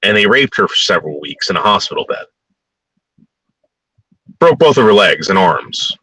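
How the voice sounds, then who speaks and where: A man's voice: low-pitched, sing-song, moderate pace, pushed and bright, breathy edge, no room sound, rough recording. A man ranting bluntly in a heated, profane opinion monologue.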